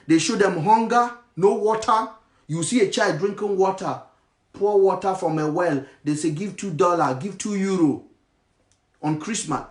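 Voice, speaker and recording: A man with a Nigerian accent speaks with heated passion, slipping into Pidgin. His voice sits high for a man. The room around him rings with echo. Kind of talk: impassioned monologue.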